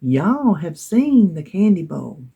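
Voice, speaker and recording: A woman's voice: lowish voice, big pitch swings, slow, creaky, dark tone, breathy edge, dull audio. A middle-aged woman with a Southern US accent, chatting casually to her viewers, laughing often and dropping to a whisper now and then. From North Carolina. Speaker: vlogger. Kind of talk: casual chat to camera.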